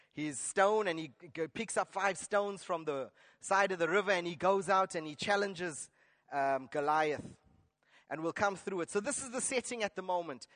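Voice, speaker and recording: A man preaching a sermon, retelling a Bible story with lively acted-out lines and questions to the congregation. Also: sits high. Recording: long hall reverb.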